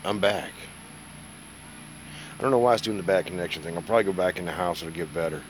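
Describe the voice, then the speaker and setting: A fast-talking man with a low voice, slight hiss or hum in the recording, chats casually on his model-building stream. He's from Mississippi and hungover, rambling along in a folksy way and teasing himself.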